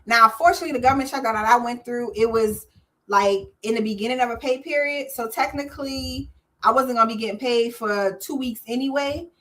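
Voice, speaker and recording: Bright, emphatic woman hosting a call-in. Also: fairly high pitch, brisk. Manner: energetic, emphatic, talks straight to the audience. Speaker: host of a call-in show on government contracting. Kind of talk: live call-in stream, direct to viewers.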